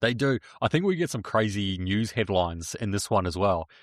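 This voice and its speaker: A man's voice: on the low side, lively intonation, moderate pace, dry recording, clean studio sound. A man co-hosting a true crime podcast, telling the story casually, swearing and joking. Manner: swearing, joking, laughs often. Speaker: podcast co-host.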